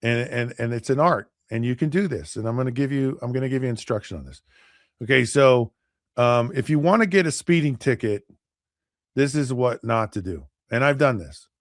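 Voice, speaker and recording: A middle-aged man tells a story on his podcast in a loose, rambling way, often restarting his sentences and acting out the voices of other people. His voice sits at an ordinary middle pitch. The sound is dry and close, with no room echo. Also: lively intonation, moderate pace. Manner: rambling, with many restarts and acted-out quotes. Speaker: podcast host, former NFL quarterback. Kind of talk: casual storytelling.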